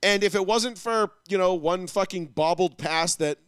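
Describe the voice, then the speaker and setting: A man's voice: sits high, moderate pace, fairly bright tone, clear, resonant tone, dry recording, clean studio sound. A man talking sports in a loose, rambling, profane way on a casual podcast. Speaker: podcast co-host.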